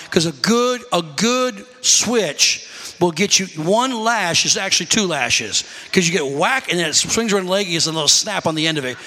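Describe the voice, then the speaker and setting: High, bright-voiced preacher man in a hall. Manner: animated storytelling preacher, calls to the congregation. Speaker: pastor. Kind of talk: sermon.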